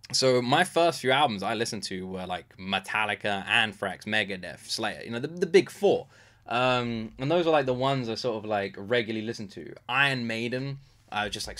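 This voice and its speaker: A British man in his thirties chatting casually as a music reaction host, openly emotional and excitable, full of fillers. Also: fairly low pitch. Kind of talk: casual chat.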